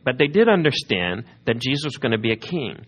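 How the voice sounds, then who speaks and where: A man's voice: medium pitch, very animated, a little fast, fairly bright tone, breathy edge. A man preaching a sermon as pastor, talking conversationally and asking his congregation questions.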